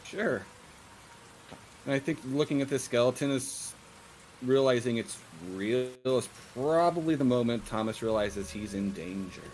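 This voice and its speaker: A man's voice: medium pitch, unhurried, a little mellow, slight background noise, low-quality recording. Hesitant male tabletop player. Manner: hesitant, restarting sentences. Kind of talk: casual tabletop role-play.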